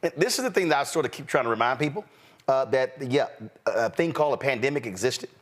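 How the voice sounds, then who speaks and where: A man's voice: medium pitch, animated, fast talker. Male host for a news commentary show, emphatic and chatty. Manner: emphatic, conversational.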